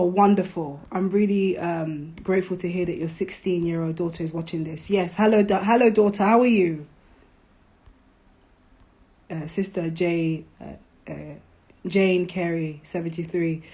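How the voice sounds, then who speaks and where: Lively woman on a phone livestream. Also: mid-range voice, normal speed. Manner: animated and preachy, with playful jabs. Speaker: wellness coach hosting a live stream. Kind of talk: casual live-stream talk.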